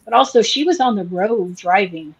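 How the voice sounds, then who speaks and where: A woman's voice: medium pitch, moderate pace, crowd noise. A woman chatting on a podcast, telling a long story and quoting everyone in it. The recording sounds slightly dull and lo-fi. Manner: animated retelling with quoted voices. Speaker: podcast co-host. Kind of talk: casual storytelling chat.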